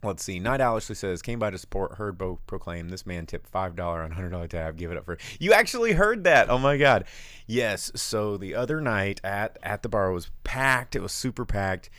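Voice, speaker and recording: A man co-hosting a casual live show, telling rambling, animated stories about his bar. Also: a little fast, few pauses, no room sound. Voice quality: big booming voice when yelling. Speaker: podcast co-host and bar owner.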